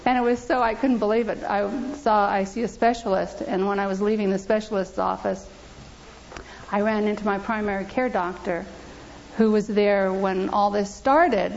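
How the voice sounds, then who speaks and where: A woman's voice: medium pitch, fairly even intonation, normal speed, creaky, a little mellow, a little hiss or hum. A woman giving an earnest, emphatic church testimony, repeating scripture aloud, in a church. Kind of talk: testimony and preaching. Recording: dull lo-fi recording.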